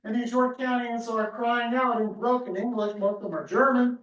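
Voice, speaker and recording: A high-voiced man tells history as a lively story in a lecture room. He sounds set back from the mic, and the room echoes around him. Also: normal speed, far from the mic. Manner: storytelling, acts out crowd cries. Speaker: history speaker.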